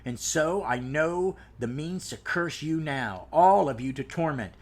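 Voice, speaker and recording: A man reading a vengeful ghost pirate's curse aloud from a comic, slow and solemn. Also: fairly high pitch, animated. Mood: grim cursing.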